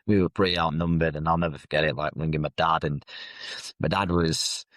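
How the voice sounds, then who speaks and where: A man, telling his own life story as a podcast guest in a halting, reflective way. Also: a bass voice, steady tone, fairly bright tone, no room sound. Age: 30s. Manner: reflective, halting, with frequent fillers and restarts. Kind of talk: candid personal storytelling.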